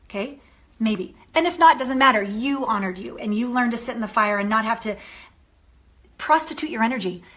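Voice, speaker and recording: A woman dating coach giving an animated coaching talk to a course member, acting out the voices in her stories. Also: fairly high pitch, moderate pace.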